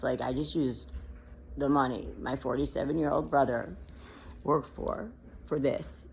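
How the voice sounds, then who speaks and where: A woman's voice: rumbling low, moderate pace, creaky, slight background noise. A woman vlogging off the cuff, rambling and emotional, close to crying as she talks. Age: adult with a child. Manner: emotional, rambling, near tears. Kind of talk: unedited personal vlog monologue.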